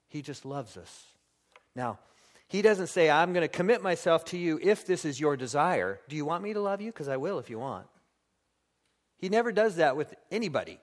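Guy preaching in church, reads scripture, slips into goofy voices for little skits. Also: medium pitch. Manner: animated, acts out little scenes in funny voices. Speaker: pastor. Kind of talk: sermon.

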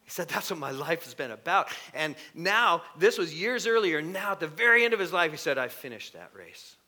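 A middle-aged man preaching a sermon, animated and shifting into mocking voices with sudden loud bursts. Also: a little high, brisk. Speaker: pastor.

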